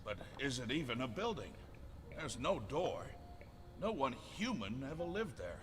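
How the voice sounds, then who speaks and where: A man's voice: mid-range voice, sing-song, moderate pace, in a large hall, background noise, lightly acted. An actor voicing a wary male explorer in a video game, musing and doubtful.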